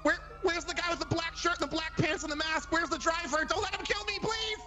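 A man's voice: extremely high pitch, fairly even intonation, brisk, over music. A man in a game role-play, shrieking and pleading in panic.

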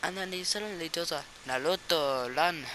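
A young man giving rambling, excitable comic voice-over narration about a backyard wrestling match, often stumbling and restarting. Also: on the high side, normal speed, slight background noise, poor audio.

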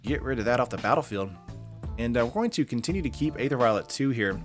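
Guy rattling off card game commentary real quick, loose and chatty with lots of uhs, faint music under it. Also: mid-range voice, lively intonation. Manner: quick, casual, lots of fillers. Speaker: card game channel host. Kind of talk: deck breakdown and gameplay commentary.

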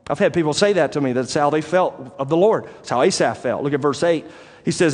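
A male pastor preaching a sermon, animated and conversational, asking the congregation direct questions. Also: a little high, moderate pace. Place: church sanctuary. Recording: long church reverb.

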